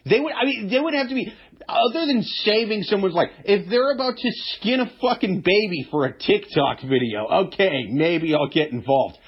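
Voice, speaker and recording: A man's voice: sits high, animated, moderate pace, breathy edge, muffled recording. A man in his mid thirties, talking casually and profanely, with a lot of emphasis. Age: 30s. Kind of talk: casual chat.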